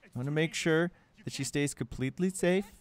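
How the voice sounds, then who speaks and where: A man's voice: on the high side, brisk. A young man narrating a game walkthrough in a casual, joking way, with sarcastic asides. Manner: joking, sarcastic asides with goofy put-on quotes.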